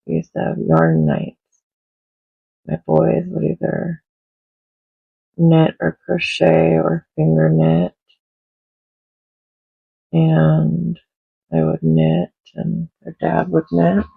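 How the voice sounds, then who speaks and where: A middle-aged woman chats her way through a craft-with-me video, rambling easily between topics. Her voice is heavily gravelly with a husky, breathy edge. The phone audio sounds dull and lo-fi. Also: deep voice, slow pace, pauses often. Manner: chatty and rambling, with soft laughs. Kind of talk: casual craft-with-me chat. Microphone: smartphone.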